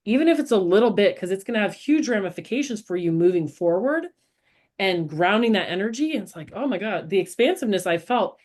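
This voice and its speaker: Woman, podcast co-host, casual chat, earnest, reflective, laughs at herself, medium pitch. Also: lively intonation, a little fast, darkish tone. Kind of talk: casual spiritual conversation.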